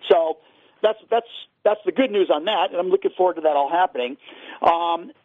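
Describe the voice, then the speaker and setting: Heard through a dry, tinny phone line, a man with a voice on the high side guests on a radio show. He works as a fishing guide and sells boats, and he eagerly shares fishing stories in a casual interview, packed with fillers.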